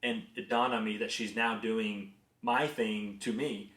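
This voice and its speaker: A man's voice: lowish voice, normal speed. A man in his thirties, a business executive, sharing career lessons through earnest, conversational personal stories. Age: 30s. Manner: conversational, earnest, animated in anecdotes. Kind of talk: reflective personal storytelling and advice. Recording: roomy echo.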